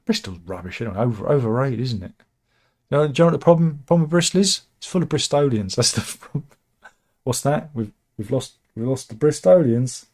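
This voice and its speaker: A man's voice: medium pitch, expressive, fairly quick, darkish tone. A man from the UK, hosting a casual news chat, reading out headlines with wry, sarcastic asides and frequent restarts.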